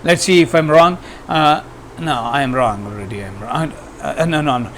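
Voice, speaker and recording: A man's voice: medium pitch, moderate pace, slight background noise. A man teaching grammar, hesitant, with many fillers and restarts. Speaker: English teacher. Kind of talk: grammar lesson.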